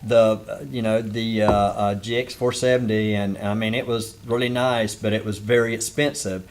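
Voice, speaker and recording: A man with a Southern accent hosting a casual interview show, speaking with hesitant fillers and warm praise for his guest. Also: lowish voice, fairly even intonation, normal speed, noisy background. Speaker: show host.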